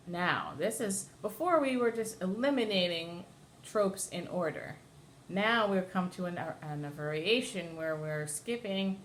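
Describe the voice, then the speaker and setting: There's slight background noise as a woman cantor, her pitch fairly low, teaches a lesson on Torah chanting. She explains with patience and sings short chanted passages to illustrate.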